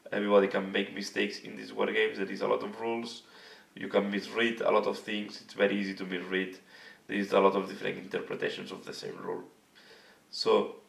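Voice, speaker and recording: A hoarse man hosting a hobby video channel, talking casually and earnestly to camera and searching for his words. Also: fairly low pitch, a bit bright. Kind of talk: casual vlog talk to camera. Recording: echoey room, mic at a distance.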